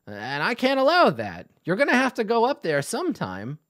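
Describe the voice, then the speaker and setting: Man as smug old dwarf with a staff: pitched up, mock-reasonable, needling. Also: wildly swooping pitch, moderate pace, a bit bright, exaggerated voice.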